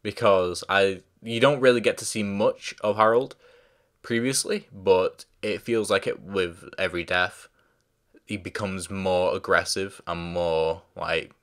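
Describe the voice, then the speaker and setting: A man's voice: low-pitched, unhurried. A man giving a casual spoken review, rambling with many fillers and restarts and stopping to apologise when he forgets names. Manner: loses track of names, apologises. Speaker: show reviewer.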